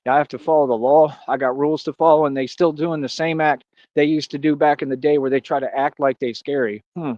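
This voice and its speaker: A man's voice: on the high side, steady tone, fairly quick, no room sound, highs cut off. A young adult man, from Austin, delivering a boastful, taunting live-stream monologue full of slang and repeated catchphrases. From Austin, Texas.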